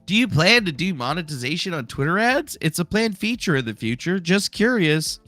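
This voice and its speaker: A man hosts a casual commentary stream in a bright, slightly high voice, rambling and sarcastic with plenty of swearing. The sound is dry and close, with faint music playing underneath. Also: very animated, fairly quick, no echo. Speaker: streamer host.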